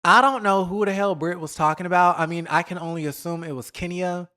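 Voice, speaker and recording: A man hosting a celebrity gossip vlog, talking in a chatty, animated way, throwing shade and mimicking people he talks about. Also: high voice. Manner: says y'all, drawn-out emphasis. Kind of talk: casual gossip commentary.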